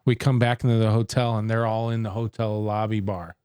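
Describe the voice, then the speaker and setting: Middle-aged guy, low mellow voice, tells stories and acts out the back-and-forth, dry sound. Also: brisk, smooth, dry recording. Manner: animated storyteller who acts out quoted exchanges. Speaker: interview guest, former baseball pitcher. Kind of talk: casual storytelling interview.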